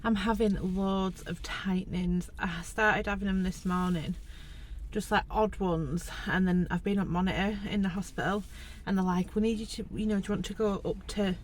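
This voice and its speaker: A woman's voice: mid-range voice, steady tone, moderate pace. A chatty woman, vlogging on her phone while heavily pregnant. She laughs a lot and talks in a teary, candid way. Faint car and traffic noise sits behind her voice. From England. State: heavily pregnant, out of breath at times. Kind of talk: casual vlog to camera. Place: in and around a car at a hospital.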